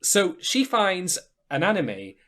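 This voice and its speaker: A man co-hosting a casual anime podcast, talking in an animated way with emphatic, salty asides. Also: high voice, slow pace. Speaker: podcast co-host.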